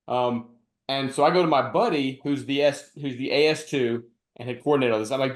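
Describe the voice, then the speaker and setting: A man hosts a laid-back podcast chat and tells his army stories with gusto, slipping into the voices of the people he quotes. His voice sits at an ordinary pitch, and the room gives it a noticeable echo. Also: fairly quick. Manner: animated anecdote telling with acted-out quotes. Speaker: podcast host and retired army officer. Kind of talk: casual storytelling conversation. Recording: roomy echo.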